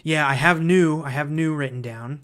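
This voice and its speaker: A man hosting a livestream who reads viewer comments aloud and thinks out loud, hesitant and full of fillers, easily excited by ideas. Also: on the high side, normal speed. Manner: enthusiastic about ideas. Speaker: livestream host.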